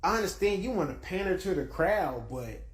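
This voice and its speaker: Lively higher-voiced man, echoey room. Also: fairly quick. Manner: lively, rhetorical questions. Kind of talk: casual commentary clip.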